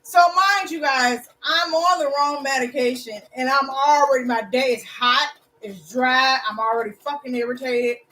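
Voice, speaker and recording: A woman vlogger telling a story to her viewers in a blunt, profane, lively way. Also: high voice, normal speed, recorded from a distance, slight background noise, low-quality recording.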